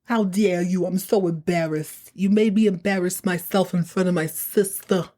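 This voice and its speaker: A woman's voice: fairly low pitch, steady tone, moderate pace, dark tone, lightly acted. A hot-headed husband, as a woman puts him on, huffing with wounded pride. His indignant complaints tumble out in plain, everyday tones. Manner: indignant, huffy.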